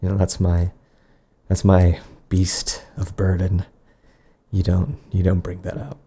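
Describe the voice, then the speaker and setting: Speaking slowly in a low, husky voice, a man riffs an absurd, improvised comedy monologue. He rambles deadpan, repeatedly losing the thread and starting again.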